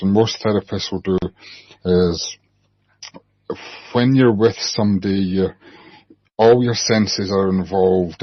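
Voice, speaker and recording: Low husky man. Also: no echo. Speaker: therapist guest. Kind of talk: casual panel chat. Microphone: video call. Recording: dull online call audio.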